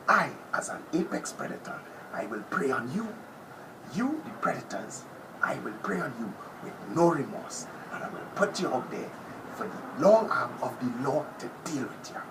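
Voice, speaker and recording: A man doing an impression of a brash, boastful male TV personality, with a theatrical, drawn-out delivery that drops to whispers. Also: on the high side, big pitch swings. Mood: menacing. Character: brash boastful male TV personality, self-proclaimed top predator. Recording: noisy background ambience.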